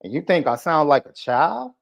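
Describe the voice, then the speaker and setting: During a live podcast, the male host lashes out at a viewer in a heated, taunting, repetitive rant. He speaks at normal speed with a fairly high pitch, big pitch swings, and vocal fry, over muffled lo-fi stream audio.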